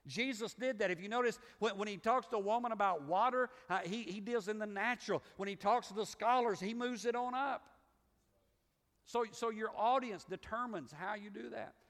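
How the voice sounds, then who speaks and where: In a church sanctuary whose reverb rings on long after each phrase, a middle-aged Southern pastor with a Southern US accent preaches folksily and conversationally, often restarting and repeating himself. He speaks at a moderate pace, his voice fairly bright and higher than typical for a man.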